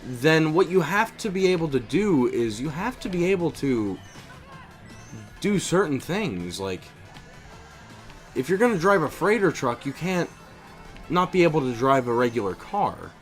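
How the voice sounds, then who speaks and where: Animated young man chatting while gaming. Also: on the high side, unhurried, long pauses, soft background music. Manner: animated and opinionated, rambling with fillers and restarts. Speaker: streamer and voice impressionist. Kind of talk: casual chat while gaming.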